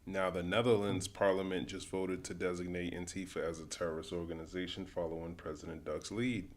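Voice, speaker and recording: A man's voice: deep voice, level tone, fairly quick. A man hosting a livestream, giving loose, profane, casual commentary on videos he is watching. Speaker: livestream host.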